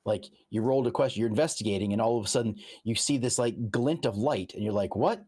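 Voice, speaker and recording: Husky man explaining game rules. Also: fairly low pitch, quick pace, darkish tone. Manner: explains step by step with examples, restarting sentences. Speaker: game master.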